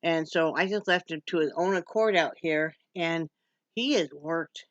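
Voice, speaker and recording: A woman's voice: low-pitched, measured pace, no room sound, highs cut off. A middle-aged woman from Wyoming chatting casually in a home vlog, laughing often and cooing to her dog. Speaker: vlogger.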